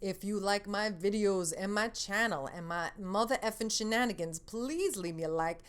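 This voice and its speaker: A woman's voice: medium pitch, moderate pace, clean tone. A woman hosting a casual gaming news vlog, blunt and outspoken with lots of swearing. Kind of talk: casual monthly news rant.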